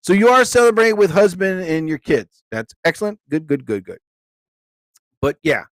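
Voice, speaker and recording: A man's voice: high-pitched, very animated, moderate pace, no echo. A man hosting a casual live stream, rambling and joking as he talks to his viewers.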